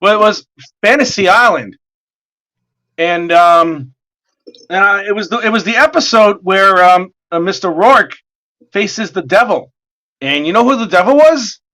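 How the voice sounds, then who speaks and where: Guy in his 40s rambling on a stream, high voice bouncing all over, swears a lot. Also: a little slow, long pauses. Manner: animated, rambling, profane storyteller. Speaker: artist streaming his work. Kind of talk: casual chat.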